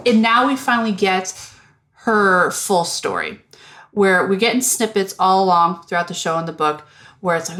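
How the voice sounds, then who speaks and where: Animated, profane woman podcast host. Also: mid-range voice, unhurried. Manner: animated, profane, acts out quotes, laughs often. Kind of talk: casual book and TV chat.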